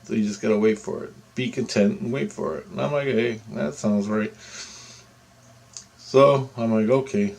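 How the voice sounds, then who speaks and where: A man telling a personal story in a casual, rambling way, acting out what others said with sudden excited jumps in his voice. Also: moderate pace, vocal fry. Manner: animated, quotes others with big pitch jumps, rambling with restarts. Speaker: storyteller recounting a personal experience.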